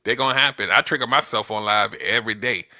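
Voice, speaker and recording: A man's voice: lowish voice, quick pace, bright, forceful tone. A man talking as a guest on a talk show, explaining points animatedly and checking in with rhetorical questions. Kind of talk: casual conversation.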